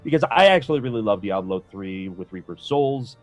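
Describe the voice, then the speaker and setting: A man's voice: on the low side, expressive, a little fast, soft background music. A man co-hosting a casual gaming podcast, laid back and voicing quotes in a raised tone. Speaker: podcast co-host.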